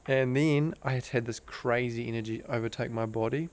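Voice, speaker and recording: He's a young man from Australia, guesting on a podcast for a casual storytelling interview. Speaking briskly in a mid-range voice with fairly even intonation, he relates a personal story in an earnest, intense way, full of "like" fillers.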